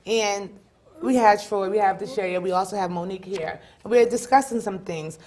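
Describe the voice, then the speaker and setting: A woman's voice: medium pitch, moderate pace, a little mellow. A woman hosts a casual talk show with an encouraging, questioning manner. She often circles back and repeats her words.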